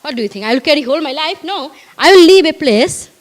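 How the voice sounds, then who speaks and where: A middle-aged woman with a Bangladeshi accent and a high voice addresses a live audience as a parenting coach. She is animated and emphatic, and she piles up rhetorical questions and repeats her points. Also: quick pace. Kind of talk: speech at a live community event. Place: community event before a live audience.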